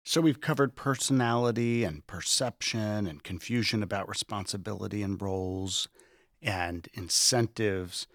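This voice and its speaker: Measured man talking in a dry room. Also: fairly low pitch, a bit bright, no echo. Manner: reflective, acts out quoted lines with shifting tone. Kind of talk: conversational discussion.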